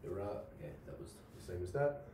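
A man's voice: low voice, sing-song, brisk, background noise. A man giving a university logic lecture, working through examples and checking in with "right?" between fillers. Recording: roomy echo, voice from a distance, faint ambience.

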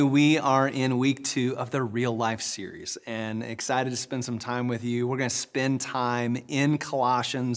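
A middle-aged man preaching a sermon as pastor in a large church, conversational and folksy, telling stories and repeating words as he goes. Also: medium pitch. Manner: conversational, folksy storytelling with repetitions.

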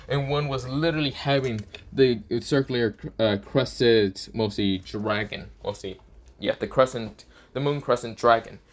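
Young man, casual storyteller, rambling, filler-heavy, average pitch. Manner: rambling, many fillers like "this is where, well, mostly". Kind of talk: improvised fan-fiction storytelling.

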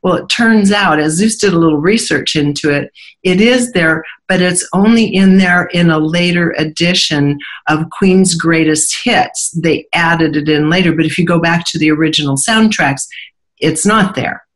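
A woman's voice: fairly low pitch, moderate pace. A woman hosting an interview, chatting casually and swapping stories and fun examples with her guest. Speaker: host.

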